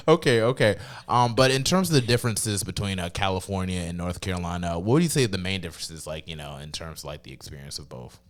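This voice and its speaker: A man's voice: low voice, moderate pace. A man hosting a podcast interview, laid-back and laughing often, with lots of filler words. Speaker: podcast host. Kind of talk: casual interview.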